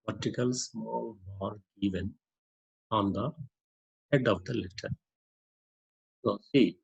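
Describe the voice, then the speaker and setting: A man teaching a lesson on using a dictionary, explaining slowly with many repetitions and "uh" fillers. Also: fairly low pitch, creaky, slightly rough, rough recording. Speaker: English teacher.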